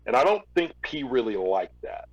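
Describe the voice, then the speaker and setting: A man's voice: mid-range voice, big pitch swings, normal speed, lo-fi sound. Man telling a rambling story. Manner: rambling anecdotal telling with fillers and restarts. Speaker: guest, former record label executive. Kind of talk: casual storytelling interview.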